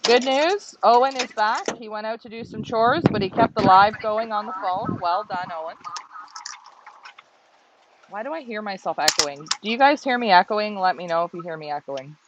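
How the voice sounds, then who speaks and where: A woman's voice: medium pitch, moderate pace, background noise. A woman co-hosting a live stream, chatting casually and joking as she reads out names. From Canada. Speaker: co-host of a live pigeon race stream. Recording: slightly dull lo-fi stream audio.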